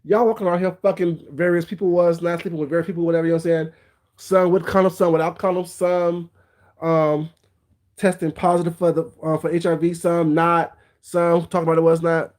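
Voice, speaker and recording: A man's voice: a little high, level tone, brisk, darkish tone. Blunt gossipy livestream man. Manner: blunt, gossipy, greets viewers mid-rant. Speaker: livestream host. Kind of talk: casual commentary livestream.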